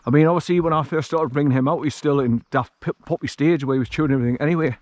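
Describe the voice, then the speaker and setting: Fairly high-pitched and rapid-fire, this vlogger's slightly mellow voice is caught in a dry recording. Out on a countryside hill track with his dog, he chats and rambles with frequent chuckles, filming casual narration on an action camera as he walks.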